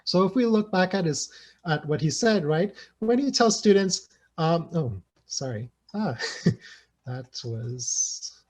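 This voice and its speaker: A man presents his research in a lecture over a video call. His voice sits a little high for a man. He thinks aloud as he goes, tagging points with "right?" and filling pauses with "you know". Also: lively intonation, a little mellow. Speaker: sociolinguistics researcher presenting a talk. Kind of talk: academic lecture.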